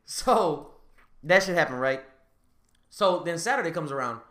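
A man's voice: measured pace, echoey room. A man hosting a podcast, telling a dating story in casual chat and laughing as he gets worked up. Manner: animated, laughing storyteller, rises high when excited. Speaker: podcast host.

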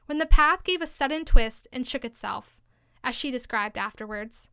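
A woman narrating a storybook aloud, lively and expressive. Her voice is high, bright and crisp. The recording is dry and close. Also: moderate pace, no room sound. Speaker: storybook reader.

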